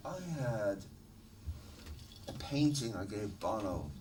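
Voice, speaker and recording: A middle-aged man, a musician guest in an interview, telling stories in a lively, laughing, swearing manner. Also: lowish voice, takes it slowly. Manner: animated, swearing, laughing storyteller. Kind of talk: casual storytelling interview. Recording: distant mic with noticeable background noise.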